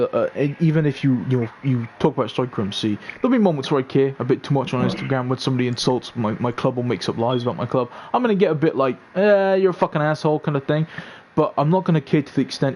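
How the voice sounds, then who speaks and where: A man co-hosting a casual podcast chat, ranting quickly and swearing freely. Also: mid-range voice, darkish tone, a little hiss or hum. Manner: fast, swearing rant. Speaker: podcast co-host.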